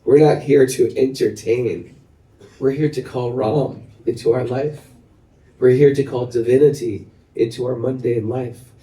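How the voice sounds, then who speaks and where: Middle-aged guy giving a spiritual talk, lively storytelling, asks the crowd stuff, echoey room, mic a bit far off. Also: mid-range voice, a little slow. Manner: animated storyteller who asks the audience questions. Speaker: spiritual teacher leading kirtan. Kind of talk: devotional talk to a live group.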